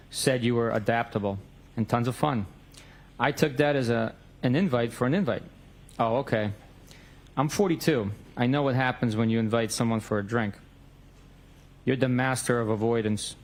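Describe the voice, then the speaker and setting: A man's voice: medium pitch, normal speed, pauses often. A man in a courtroom reading out both sides of a text message exchange, stating the date and time of each message.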